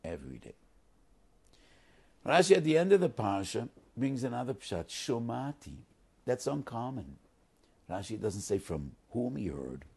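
Gravelly-voiced rabbi giving a Torah talk. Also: male voice, lowish voice, a little mellow. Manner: earnest, emphatic, mixes Hebrew quotes into English. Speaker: rabbi teaching the weekly Torah portion. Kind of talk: Torah lesson sermon.

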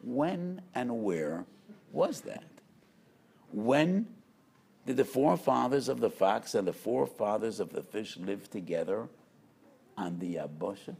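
A man, a rabbi, giving a measured, emphatic Torah lecture with storytelling. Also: on the low side, lively intonation, creaky, a little mellow, breathy edge.

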